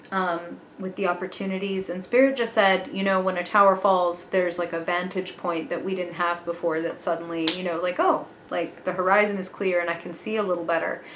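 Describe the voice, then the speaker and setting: A woman's voice: on the low side, slight background noise. A woman giving a casual spoken tarot reading, chatty and earnest, with the odd casual swear word. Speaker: tarot reader. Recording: echoey room.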